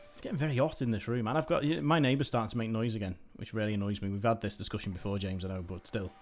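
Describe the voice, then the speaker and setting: A man's voice: on the low side, fast, soft background music. Chatty male sim-racing commentator. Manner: chatty, rambling, self-deprecating. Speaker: host commentator. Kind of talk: live esports commentary.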